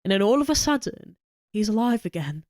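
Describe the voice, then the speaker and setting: A woman co-hosting a film podcast, talking in an animated way, acting out her own reactions with exclamations. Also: mid-range voice, fairly quick, dry recording, studio quality. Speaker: podcast co-host. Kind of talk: casual film discussion.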